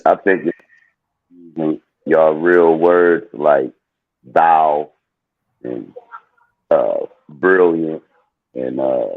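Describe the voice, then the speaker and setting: Laid-back guy, very deep and slow, muffled lo-fi line. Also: no echo. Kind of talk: casual chat.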